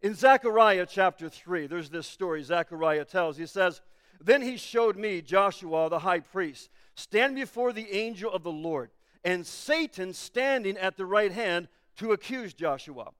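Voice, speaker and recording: A male pastor preaching a sermon, building to emphatic, forceful bursts. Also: high voice, animated, measured pace, clear, resonant tone.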